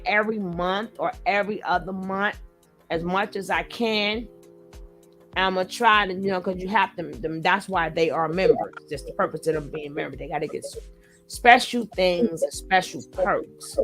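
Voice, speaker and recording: A woman from New York hosting a casual live-stream chat, animated and quick with loud outbursts. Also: medium pitch, soft background music. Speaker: channel host.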